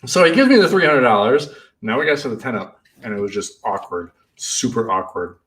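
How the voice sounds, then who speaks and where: A man who runs a party rental business, telling stories in a casual, animated way and acting out the shouting in them. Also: medium pitch, brisk, distant mic. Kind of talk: casual storytelling.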